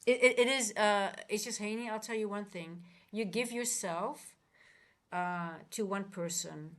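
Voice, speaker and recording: A woman with a mid-range voice coaches traders on a casual livestream she hosts. She speaks unhurriedly and earnestly, rambling and restarting often.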